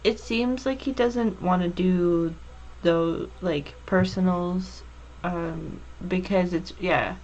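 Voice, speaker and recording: A woman's voice: fairly low pitch, slow, a little mellow. A woman hosting a TV review chat, hesitant and searching for her words. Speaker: show host. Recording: dull lo-fi audio.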